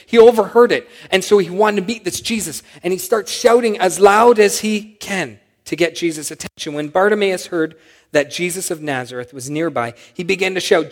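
A man preaching a sermon as pastor, animated, rising to loud acted-out shouts when quoting. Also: sits high, normal speed, big-room sound. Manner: animated, acts out shouted quotes with sudden loud rises.

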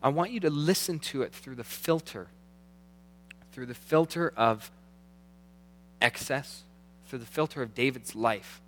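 A man preaching a sermon as pastor, earnest, slowing down to read scripture aloud. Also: medium pitch, fairly bright tone. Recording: long hall reverb.

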